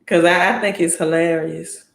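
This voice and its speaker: Southern woman with a lowish voice, chatty. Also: steady tone, normal speed, creaky. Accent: Mississippi Southern US. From Mississippi. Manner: chatty, reads viewer comments aloud, keeps asking "right?". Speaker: credit educator hosting a live stream. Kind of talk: casual live stream talk. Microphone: phone.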